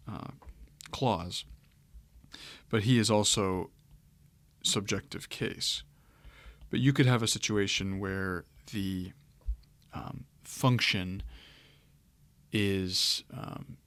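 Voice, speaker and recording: A man with a lowish voice teaches Greek grammar over a screen share, explaining things in an easygoing way and using frequent fillers. The recording is dry.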